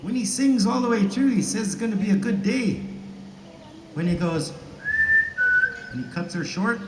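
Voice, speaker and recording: A man tells funny stories to a crowd and plays flute outdoors in a park, chatty and chuckling. He sounds set back from a touchy microphone, with a roomy echo around him and a steady wash of background noise. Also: high-pitched, moderate pace. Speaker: flute player and storyteller. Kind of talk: casual storytelling to an audience. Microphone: touchy microphone he stands back from. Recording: echoey, distant, noisy outdoor sound.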